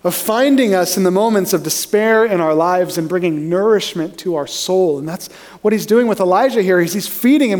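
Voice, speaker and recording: A man's voice: brisk, a little mellow. A young adult man preaching a sermon as pastor, telling stories and acting out the voices he quotes. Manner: storytelling, acts out quoted voices with rising pitch.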